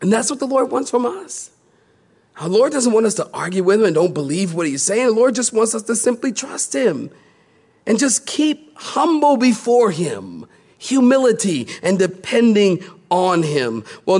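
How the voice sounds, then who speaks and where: Male pastor, sermon, energetic storyteller who slips into character voices; high pitch, very expressive. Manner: animated storytelling, acting out voices with big pitch jumps.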